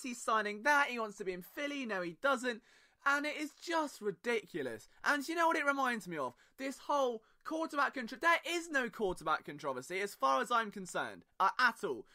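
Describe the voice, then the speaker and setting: Chatty British man, high bright voice. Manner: chatty, jokey, rambling asides. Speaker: podcast host. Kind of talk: casual sports podcast monologue.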